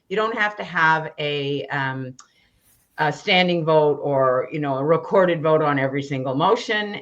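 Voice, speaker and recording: Bright-voiced woman on a political panel. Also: deep voice, lo-fi sound. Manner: explains procedure patiently.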